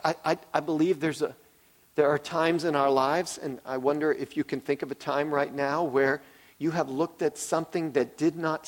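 Pastor, middle-aged man, earnest sermon delivery, slightly higher voice, unhurried, repeats key lines for weight.

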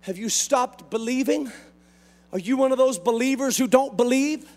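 A man preaching a sermon as pastor, growing impassioned, shouting and stretching out phrases for emphasis. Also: very high voice, normal speed.

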